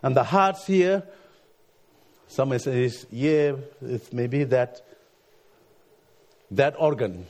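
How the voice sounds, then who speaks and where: Halting preacher man, frequent restarts. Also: mid-range voice, animated, darkish tone. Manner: halting, repeats words, frequent "you see". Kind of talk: sermon with personal story.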